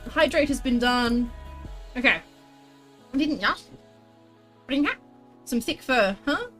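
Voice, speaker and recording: A woman with a high, bright voice talks casually on a livestream as she works on a craft project. She reads out chat messages and answers them in a chatty, exclamatory way, with faint music playing under her voice. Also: animated, unhurried. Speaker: streamer crafting a costume tail.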